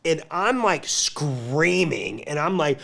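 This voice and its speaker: A man hosting a podcast, telling a lively story to a live client community, with a speaking pace that quickens and slows. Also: on the high side, vocal fry. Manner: animated storytelling, pace shifts. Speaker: podcast host.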